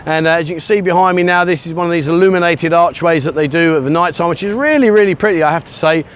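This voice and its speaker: A man's voice: fairly high pitch, quick pace, clean tone. Chatty English man vlogging outdoors. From United Kingdom. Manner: chatty, self-mocking, rambling asides. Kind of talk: casual walking vlog. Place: outdoors on a sunny beachfront by a busy road. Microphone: handheld camera at arm's length. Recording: faint outdoor traffic noise.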